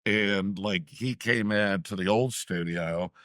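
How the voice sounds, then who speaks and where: Deep-voiced man co-hosting a chat. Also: slow, no echo, studio quality. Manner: relaxed, chatty, adds comments to the guest's story. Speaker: co-host. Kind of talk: casual chat.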